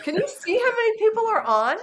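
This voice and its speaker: A woman's voice: extremely high pitch, sing-song, a little fast, low-quality recording. A woman chatting playfully as a guest on an online panel. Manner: laughing, playful. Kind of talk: casual chat.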